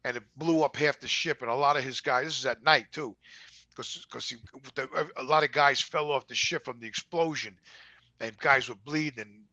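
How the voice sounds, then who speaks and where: Bright-voiced rambling New man in his 60s. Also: medium pitch, moderate pace, dry recording, poor audio. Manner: rambling, repeats words and says "you know" a lot. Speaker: podcast co-host. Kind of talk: casual storytelling chat.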